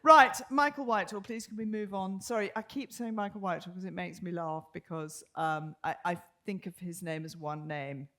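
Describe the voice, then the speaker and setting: A woman's voice: on the low side, moderate pace, hardly any pauses, a bit bright. An older woman co-hosting a live podcast on a theatre stage, telling stories and teasing with frequent laughter. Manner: giggly storyteller, teasing. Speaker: podcast co-host.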